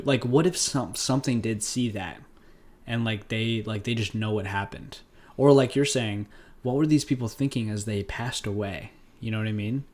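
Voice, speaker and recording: A man's voice: medium pitch, a little mellow. Joking young man co-hosting a podcast. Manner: joking, playful, many fillers. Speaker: podcast co-host. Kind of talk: casual chat.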